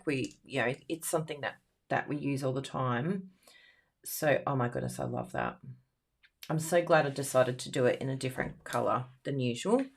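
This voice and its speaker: A woman with a notably low voice talks through a card-making demo in a loose, rambling way. She piles on fillers and breaks into laughter often, keeping it casual and conversational. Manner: chatty and rambling, with frequent fillers. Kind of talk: casual chat during a crafting demo.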